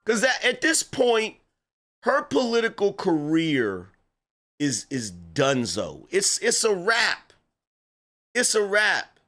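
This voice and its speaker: A man's voice: sits high, huge pitch swings, takes it slowly, bright, forceful tone. A man giving mocking, sarcastic online political commentary that rambles and stammers through restarts.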